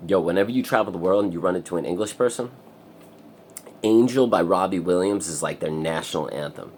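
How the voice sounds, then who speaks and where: A man's voice: brisk, slight background noise. A man talking in a rambling, profane casual monologue for his vlog. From United States. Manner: profane, rambling, breaks into loud high singing. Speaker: vlogger.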